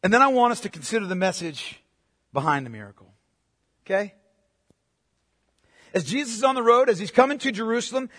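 A man delivers a sermon in a church, his voice unusually high for a man. He keeps it conversational, checking in with the congregation with "okay?" and "right?". A long reverb from the sanctuary trails after his words. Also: a bit bright. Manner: conversational preaching with frequent "okay?" check-ins. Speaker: pastor. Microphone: microphone.

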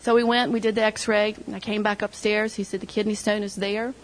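A woman's voice: mid-range voice, flat delivery, brisk, poor audio. A middle-aged woman sharing an emotional personal testimony with her church group, retelling conversations as she goes. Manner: emotional storytelling, quoting others.

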